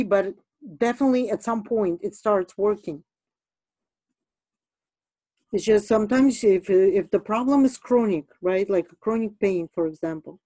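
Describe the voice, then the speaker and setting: An art instructor teaches while drawing, chatting casually, laughing a lot, and trailing off into filler words. Her mid-range voice is mellow, and the recording is rough with no room sound.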